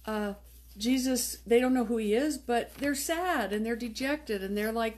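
A woman preacher giving a sermon in a church, reading scripture and then retelling the story in a relaxed, conversational way. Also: on the high side, unhurried. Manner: conversational, retells story with lively voiced quotes.

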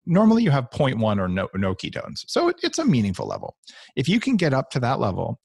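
A man's voice: medium pitch, huge pitch swings, quick pace, creaky, slightly rough, dry recording, clean studio sound. A middle-aged man, a guest author, talking playfully on a podcast and acting out little voices as he explains. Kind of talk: animated podcast talk.

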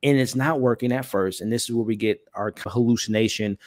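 A young man reviews a film in an easygoing, animated way at a middle pitch. He rambles through the plot and lifts his voice to play out quoted lines. The recording is close and dry, with no room sound. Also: brisk, no echo. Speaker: movie reviewer. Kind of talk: casual spoiler review talk.

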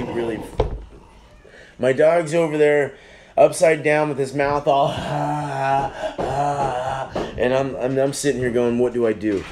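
A man's voice: a little high, darkish tone. A man chatting casually on a live stream, reviewing beers in a rambling, easily sidetracked way.

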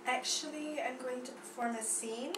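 A woman's voice: sits high, steady tone, moderate pace, noisy background. Hesitant young woman, far and echoey. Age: young adult. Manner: hesitant, earnest and naive. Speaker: auditioning actress. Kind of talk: comedic character acting. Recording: roomy echo, far from the mic.

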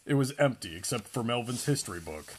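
A man reading a book aloud in an animated way, often laughing between lines. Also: medium pitch, a little fast, breathy edge. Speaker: reader.

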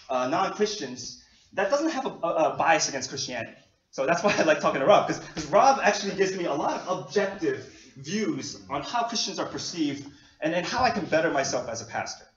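Brief: male pastor from New York, high voice, laughing self-deprecating sermon, dull lo-fi recording. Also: big pitch swings, brisk, fairly bright tone. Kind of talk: conversational sermon. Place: church hall. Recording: echoey dull lo-fi hall recording.

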